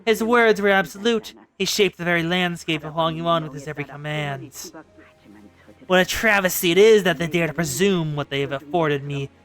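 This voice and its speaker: A streamer voicing a cruel, proud old grandmother, speaking in a slow, stately, coldly calm way while reading a game's story aloud. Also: medium pitch, soft background music, lightly acted.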